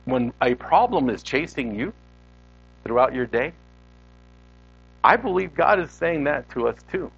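A man preaching a sermon, telling a story with sudden loud exclamations and quiet, hushed passages. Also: medium pitch, lively intonation, normal speed, lo-fi sound. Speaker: pastor.

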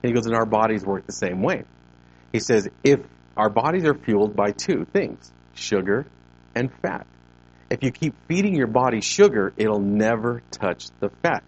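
A man in his fifties with a lowish voice tells a group in a gym a personal testimony. He chats easily and slips into the voices of people he quotes. The recording sounds dull and lo-fi. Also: animated, normal speed. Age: 50s. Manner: conversational storytelling, acting out quoted exchanges. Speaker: ministry leader giving a talk. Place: CrossFit gym.

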